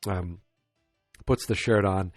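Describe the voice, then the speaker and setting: Tired male podcast host, low voice, close and dry, rambling casual recap with faint music behind. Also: normal speed, darkish tone, no room sound. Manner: rambling, many fillers and restarts; acts out quoted lines in a raised voice. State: tired, yawning.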